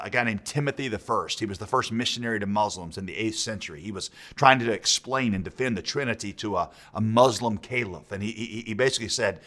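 A man's voice: on the low side, a bit bright. A man preaching a sermon in a conversational way, with frequent restarts and rhetorical questions. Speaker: pastor.

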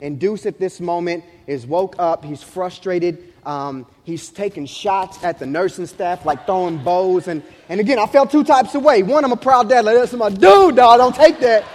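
A pastor in his thirties preaches with a fairly high voice for a man, and his words ring out with a long reverb in a large church hall. He tells a story in lively street slang, acting out the voices of the people in it. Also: moderate pace, hardly any pauses. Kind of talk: sermon.

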